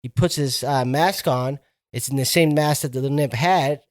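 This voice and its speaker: A man's voice: medium pitch, normal speed. A man co-hosting a podcast, retelling horror movie scenes in loose, profane slang and acting out the characters' lines. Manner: rambling, slangy, acts out quotes in raised voice. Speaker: podcast co-host. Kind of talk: casual profane chat.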